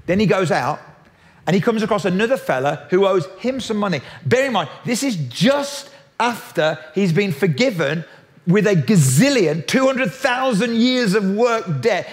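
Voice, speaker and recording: A man preaching a sermon in a lively, jokey way, often restarting his sentences. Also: high voice. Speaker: pastor.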